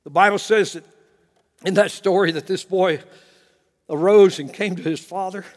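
A man preaching and telling a story, swinging from loud to hushed with chuckling asides. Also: sits high, normal speed, in a large hall. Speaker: pastor. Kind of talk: sermon storytelling. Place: church.

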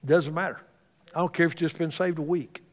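A male pastor preaching a sermon in a church, swinging between loud exclamations and hushed asides. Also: a little high, fairly even intonation, a little fast. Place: church sanctuary. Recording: reverberant church hall.

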